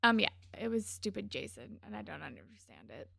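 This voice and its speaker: A woman's voice: medium pitch, sing-song, a little fast, gravelly, fairly bright tone, husky, dry recording, clean studio sound. A young woman co-hosting a podcast, casually and sarcastically recapping a TV episode and acting out the characters' lines. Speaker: podcast co-host recapping a TV show.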